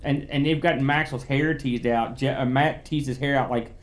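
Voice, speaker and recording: A man's voice: mid-range voice, steady tone, moderate pace. A man in casual podcast chat with a middle-range voice, rambling through long explanations. He circles back and restarts his sentences as he goes. He sounds easygoing. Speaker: podcast co-host.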